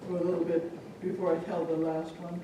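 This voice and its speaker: A middle-aged woman from Omaha telling a folk tale live to an audience, lively and chatty, with asides to the crowd. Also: fairly low pitch, a little fast, background noise. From Omaha, Nebraska. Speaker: storyteller. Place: large event hall. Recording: echoey hall from far off.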